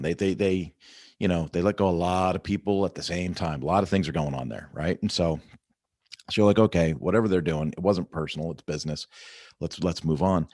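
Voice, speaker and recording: A man's voice: low-pitched, a little mellow, dry recording, studio quality. A middle-aged man hosting a casual morning check-in vlog, talking in an upbeat, rambling way with lots of "right?" and "you know.". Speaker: vlog host.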